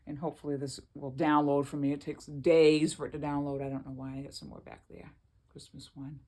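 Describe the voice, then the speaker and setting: A woman's voice: deep voice, level tone, brisk, darkish tone. A woman vlogging from her home in a rambling, chatty way, often laughing as she talks. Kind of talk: casual chat to camera.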